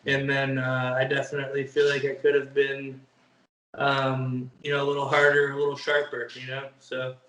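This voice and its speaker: A man's voice: mid-range voice, monotone, moderate pace, sharp tone, distant mic. A young man, a bodybuilder, chatting casually as an interview guest, easygoing and hesitant with lots of fillers. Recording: echoey room.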